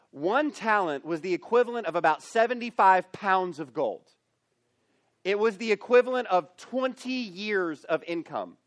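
A man with a notably high voice delivers a youth camp sermon as pastor. He tells the story with energy and slips into character voices. The sound is close and dry. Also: no room sound. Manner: animated, acts out characters in the story. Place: camp meeting space.

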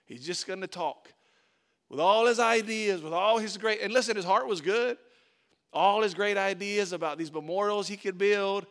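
Man preaching, high voice, casual and chatty, repeats phrases for emphasis. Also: brisk, fairly bright tone. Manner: informal, repeats words for emphasis. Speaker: pastor. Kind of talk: conversational sermon.

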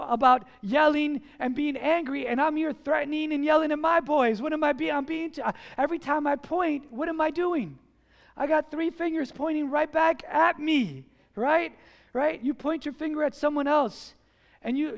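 A man's voice: very high voice, creaky. A man preaching a sermon as pastor in a church, emphatic and full of rhetorical questions.

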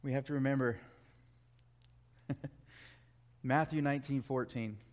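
A man's voice: mid-range voice, fairly even intonation, measured pace, darkish tone. A man, a youth pastor, preaching a sermon in an earnest, emphatic way, repeating key phrases.

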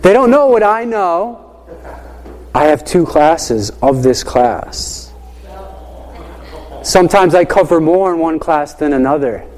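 A man with a high voice tells a long classroom story in a loose, animated way, full of "you know" and "like." His voice rings out with a long reverb behind it. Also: takes it slowly, long pauses. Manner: animated, chatty, many fillers like "you know". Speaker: high school teacher. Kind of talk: casual storytelling.

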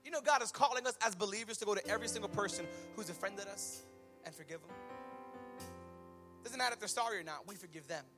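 A male pastor in his thirties preaching a sermon with stories, impassioned and swinging from loud to hushed. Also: sits high, quick pace, over music. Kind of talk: sermon with storytelling.

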